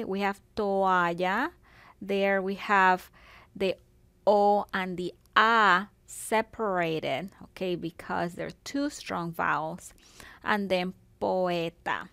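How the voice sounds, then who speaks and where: A woman's voice: mid-range voice, creaky, fairly bright tone, no echo. A woman teaching a Spanish class on video, explaining grammar in a patient way and checking in with "okay" and "see".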